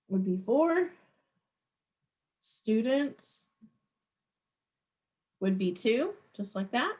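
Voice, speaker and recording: A woman teaching a math class over a video call, patient and encouraging as she explains each step. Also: a little high. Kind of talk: online class lesson.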